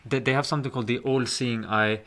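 A man's voice: medium pitch, fast talker. Emphatic man who keeps saying bro. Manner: animated and emphatic, often says "bro". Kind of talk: casual discussion.

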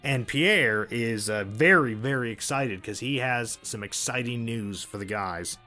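A man's voice: medium pitch, a little slow, sharp tone, soft background music. A man telling a story casually on a podcast, with wry joking asides.

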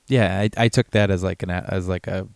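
Low-voiced man chatting, smooth and dry. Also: normal speed, no echo. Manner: relaxed, rambling, many fillers. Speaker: podcast co-host. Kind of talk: casual film discussion.

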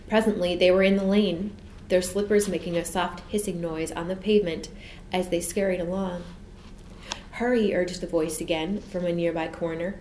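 A woman narrating a children's story in an expressive, measured way. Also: fairly low pitch. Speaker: audiobook narrator. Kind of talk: storybook reading. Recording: echoey room with faint hiss.

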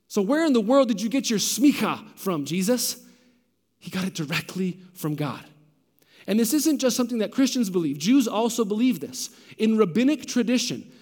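A man's voice: high voice, darkish tone, long reverb tail. A man pastor preaching a sermon emphatically, asking the congregation rhetorical questions.

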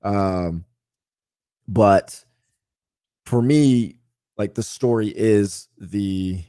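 A man's voice: on the low side, extremely slow, dark tone, no room sound, clean studio sound. A man co-hosting a gaming podcast, chatting casually and animatedly. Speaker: podcast co-host. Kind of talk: casual chat.

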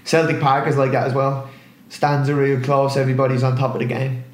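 A man's voice: medium pitch, little pitch movement, a little fast, roomy sound. A man co-hosting a casual football podcast, rambling and often asking "you know what I mean". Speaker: podcast co-host.

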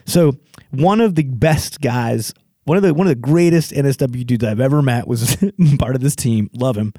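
A man telling stories as a podcast guest, lively, often mimicking other people in jumpy higher voices. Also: moderate pace, no room sound, studio quality. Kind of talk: casual storytelling chat.

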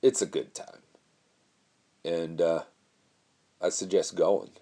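Man, very low voice, podcast host, rambling casual storytelling, laughs and swears a lot. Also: steady tone, slow, mellow.

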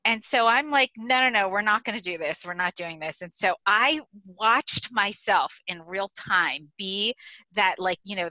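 A middle-aged American woman tells a story on a podcast, lively and quick to laugh. Her voice is bright and forceful. The sound is dry and close. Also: mid-range voice, no room sound, rough recording. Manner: animated, laughs while telling a story. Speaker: podcast co-host. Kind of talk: casual storytelling chat.

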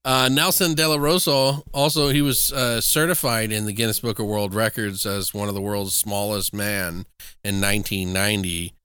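A man co-hosting a movie-review podcast, talking in a casual, profane way. His voice is bright and clear, recorded close with no room sound. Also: on the low side, steady tone, moderate pace, dry recording. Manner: casual and profane, recapping plots with trivia. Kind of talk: casual chat.

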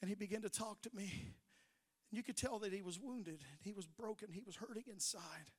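A middle-aged man preaching a sermon, telling stories that build into shouted preaching. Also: sits high, fairly quick, husky, long reverb tail. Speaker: pastor.

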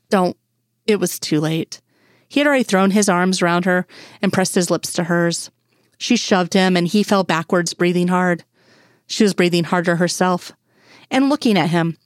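A woman narrates fan fiction in a steady, even manner. Her voice sits somewhat low for a woman. The recording is dry and close with no room sound. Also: moderate pace, no room sound. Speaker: audiobook reader.

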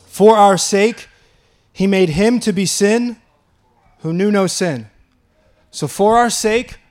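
A man preaching a sermon, earnest and full of wonder, slowing down for emphasis and breaking into delighted laughs. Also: high voice. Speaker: pastor.

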